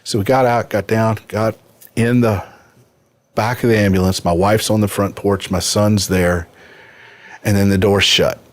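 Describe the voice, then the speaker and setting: A man in his fifties, a podcast guest, tells a personal story in a casual interview, earnest and vivid. His voice is lowish and steady, with a measured pace.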